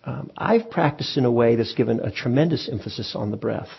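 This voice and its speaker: Male meditation teacher, husky mid-pitched voice, dull lo-fi recording, casual dharma talk. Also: a little fast. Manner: relaxed, conversational, frequent ums and restarts. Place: meditation hall with audience.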